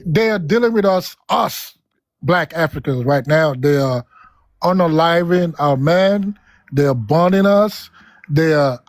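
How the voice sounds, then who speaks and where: An emphatic man pressing a question in a live-stream debate, his voice pitched high. He repeats his points again and again. The sound is dry and close. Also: no echo. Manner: emphatic, repeats himself, pleading.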